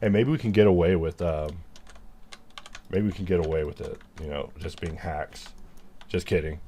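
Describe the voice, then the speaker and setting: A man's voice: sits low, normal speed, mellow, a little hiss or hum. A man casually talking through his 3D modeling work, rambling and cracking self-mocking jokes as he goes. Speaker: 3D modeler teaching his workflow. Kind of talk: casual commentary while modeling on screen.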